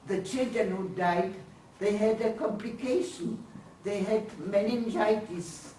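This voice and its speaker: An older woman quoting a calm male doctor, in a soothing, matter-of-fact manner. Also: medium pitch, unhurried, roomy sound, far from the mic, a little hiss or hum, natural voice, rough recording. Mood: reassuring.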